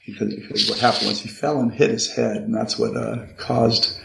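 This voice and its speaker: Older man, gravelly, roomy echo. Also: mid-range voice, level tone, background noise. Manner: halting and reflective, often repeating words. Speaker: guest. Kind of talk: conversational interview.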